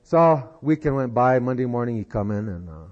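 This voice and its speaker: A man telling a long folksy joke as a speaker at a recovery meeting, unhurried and full of "he said". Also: mid-range voice, animated, a little mellow. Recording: dull lo-fi 1990s tape.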